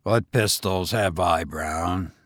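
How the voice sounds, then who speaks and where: A man voicing a brusque gentleman giving clipped orders, a little lower than his narration. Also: slow pace, no echo, studio quality. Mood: curt. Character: curt, commanding gentleman.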